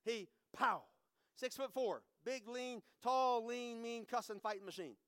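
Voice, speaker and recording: A middle-aged man, preaching a personal testimony, swinging from hushed to loud and repeating phrases. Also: very high voice, unhurried, clear, resonant tone, no echo. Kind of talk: sermon testimony.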